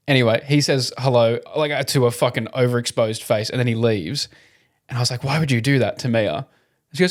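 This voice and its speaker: A young Australian man co-hosting a podcast, telling a story in an animated, casual way, swearing freely and laughing often. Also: medium pitch, quick pace. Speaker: podcast co-host. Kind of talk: casual chat.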